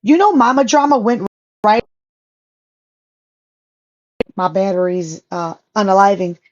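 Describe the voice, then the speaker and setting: A woman's voice: mid-range voice, animated, normal speed. A woman ranting in a vlog callout, blunt, profane and confrontational, with a dull lo-fi sound. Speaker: social media vlogger.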